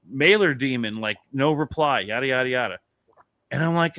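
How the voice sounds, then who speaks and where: With clean studio sound and a dry recording, a medium-pitched man speaking at normal speed co-hosts a casual talk show. He launches into a long, wandering anecdote, animated and heavy on the swearing.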